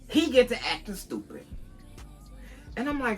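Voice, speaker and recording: Animated woman telling a storytime. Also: a little high, a little slow, breathy edge, faint music behind. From Buffalo, New York. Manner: animated, conversational, asides to listeners as "girl". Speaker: vlogger. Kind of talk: casual storytime to viewers.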